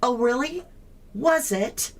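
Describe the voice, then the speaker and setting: A woman's voice: a little high, lively intonation, slow. A woman hosting a true crime livestream, puzzling aloud in casual chat and greeting viewers by name.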